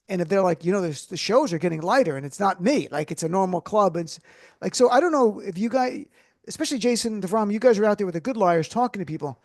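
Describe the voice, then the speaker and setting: A man hosting a comedic radio talk show, animated and joking in quick riffs. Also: sits high, no echo, clean studio sound. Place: radio studio.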